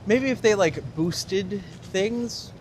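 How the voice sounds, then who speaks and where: A man's voice: sits high, takes it slowly, slight background noise. A man hosting a walking tour livestream, chatting and joking casually as he walks city streets. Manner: joking, lively banter. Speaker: tour guide and streamer host.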